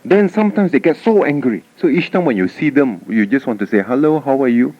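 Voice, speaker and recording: A man's voice: mid-range voice, a little fast. A man giving a Buddhist dharma talk, telling stories animatedly and often tagging lines with "huh?". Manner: animated storytelling, frequent "huh?" tag questions. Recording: dull lo-fi 1989 tape recording.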